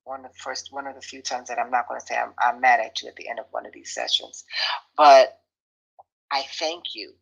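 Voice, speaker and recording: A woman's voice: extremely low pitch, big pitch swings, fast talker, vocal fry, breathy edge, low-quality recording. Woman sharing a heartfelt reflection. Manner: searching, restarts mid-phrase, thankful. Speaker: study group participant. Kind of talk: earnest spoken reflection.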